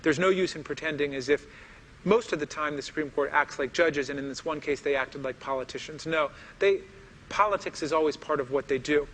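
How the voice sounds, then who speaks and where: A man's voice: a little high, a little fast, fairly bright tone. A man interviewed for a documentary, arguing in an emphatic way. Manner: emphatic, argumentative.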